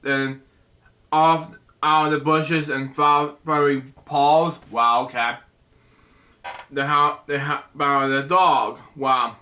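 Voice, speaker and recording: A man hosting a bedtime story show, reading a picture book aloud in a halting way, stumbling over words and breaking off with asides. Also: a little high, fairly even intonation, bright, forceful tone. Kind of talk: casual read-aloud with asides.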